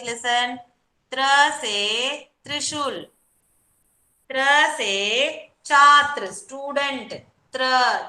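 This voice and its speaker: A woman teaching young children an online lesson, sounding words out slowly syllable by syllable and praising them. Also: sits high, bright, forceful tone, reverberant. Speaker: kindergarten teacher. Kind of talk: online class teaching Hindi letters.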